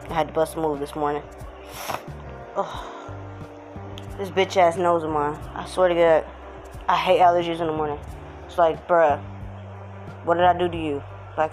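A woman hosting her own podcast from home, chatting casually with hype, slang and sing-song chants. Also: on the low side. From Texas. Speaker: podcast host. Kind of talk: casual morning chat.

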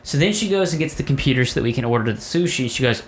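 A man's voice: mid-range voice, lively intonation, fast talker, few pauses, a little hiss or hum. A man on a podcast telling a long story about an argument, swearing often and sounding fed up as he quotes both sides. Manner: profane, exasperated, recounts arguments in quotes. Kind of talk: casual storytelling rant.

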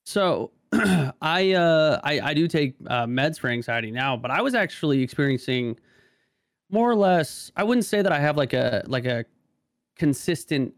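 A man's voice: fairly high pitch, animated, a little slow, no echo, clean studio sound. A man talking casually as a podcast guest, stammering and restarting often, with many "like" fillers. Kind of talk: casual conversation.

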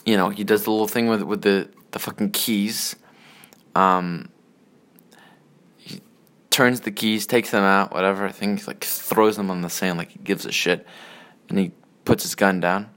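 A man talks loosely about films, in a rambling and profane way. He grows excitable, and at times drops to a hushed mutter. His voice sits a little low. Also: normal speed, pauses often. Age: adult. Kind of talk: casual movie rant.

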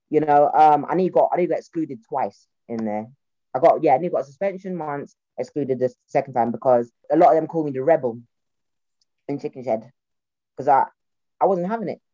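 A young South London woman speaks in a low, mellow register, telling her story in a loose, chatty way and breaking into laughter. The sound is dry and slightly dull, like a video call. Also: dry recording. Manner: chatty, animated, laughs often, slips into mocking voices. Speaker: guest, comedian. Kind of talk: casual interview chat.

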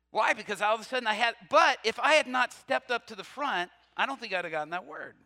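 High bright-voiced male preacher telling a story. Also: fast, hardly any pauses, big-room sound. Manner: animated storytelling with quoted dialogue, swinging from loud to hushed. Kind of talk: sermon storytelling.

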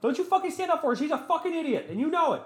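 A man's voice: very high-pitched, big pitch swings, very fast, roomy sound, pitched above the performer's own voice. A man voicing a furious parent who screams profanities at a small child. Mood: enraged.

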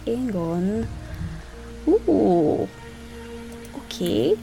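Woman GM, unhurried and rambling, faint music behind. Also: medium pitch, big pitch swings, creaky, warm tone. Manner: chatty, hesitant, many fillers. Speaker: game master. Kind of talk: narrating a tabletop game.

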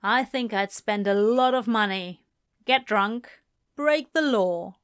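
Frank young barmaid, dry and direct, read by a woman; slow, mid-pitched storybook voice. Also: clear, resonant tone, lightly acted.

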